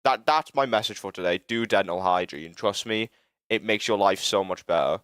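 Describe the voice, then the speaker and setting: A man's voice: on the low side, fairly bright tone, smooth, dry recording, clean studio sound. Rambling British man on a live stream. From Britain. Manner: rambling, self-interrupting, swearing, quick to frustration. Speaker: livestreamer. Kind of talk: casual live-stream chat while game building.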